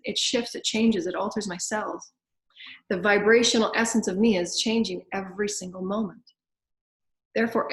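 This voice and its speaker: Woman giving flowing spiritual affirmations. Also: mid-range voice. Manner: flowing, repetitive, speaks in first-person affirmations. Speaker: spiritual teacher. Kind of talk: spiritual guidance talk with affirmations. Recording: echoey room.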